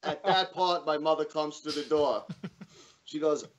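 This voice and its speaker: A man's voice: fairly high pitch, a little slow, highs cut off. A man chatting as a guest on a live comedy podcast, telling stories full of swearing and acting out the people he quotes. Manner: storytelling with profanity, acts out quoted voices. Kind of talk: casual podcast chat.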